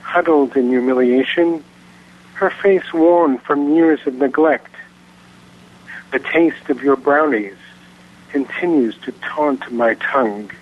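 A male poet calling in to read his poetry in a measured, unhurried way. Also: mid-range voice. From Virginia, US. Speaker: poet and guest caller. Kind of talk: poetry reading. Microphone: telephone. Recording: tinny phone line.

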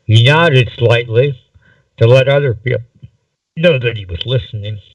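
A man reading a story aloud slowly and deliberately, in a dull, distant amateur recording. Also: mid-range voice, no room sound. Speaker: narrator.

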